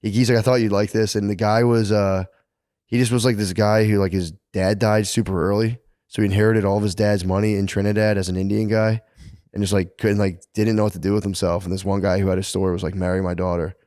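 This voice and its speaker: A man on a podcast rattles through a long story at a rapid clip, peppering it with "like" and swearing freely. His voice sits a little low, and the sound is close and dry with no room echo. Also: level tone, darkish tone. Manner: rambling storyteller, heavy filler "like", profane. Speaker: podcast co-host. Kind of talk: casual chat.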